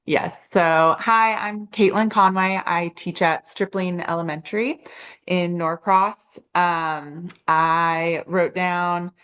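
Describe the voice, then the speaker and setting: A young woman, an elementary teacher, introducing herself in a relaxed, friendly way on a video call. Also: fairly low pitch, slow, clear, resonant tone, lo-fi sound.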